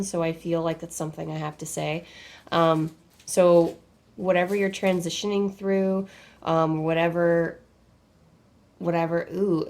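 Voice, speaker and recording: A woman's voice: fairly low pitch, a little mellow. A young woman giving a spiritual angel card reading, rambling and often breaking off to restart her sentences. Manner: rambling, self-interrupting, with many fillers and restarts.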